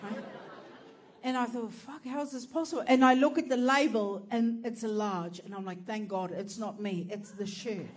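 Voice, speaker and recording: A woman's voice: a little high, normal speed, a faint crowd, slight background noise. A woman telling a brash, profane stand-up story and laughing through her punchlines. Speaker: comedian.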